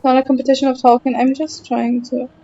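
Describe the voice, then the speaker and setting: Young woman streamer, light German accent, high mellow voice, chatty and irritated, dull stream audio with faint music. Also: flat delivery, brisk. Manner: frustrated, chatty, reacting to chat while playing. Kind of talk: casual live-stream chat while gaming.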